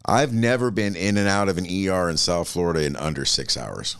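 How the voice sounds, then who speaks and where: A man with a low, deep voice chatting on a casual podcast. He talks in a dry, wry way, tossing in quick comments between stories. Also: a bit bright, clear, resonant tone. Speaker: podcast co-host. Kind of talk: casual chat.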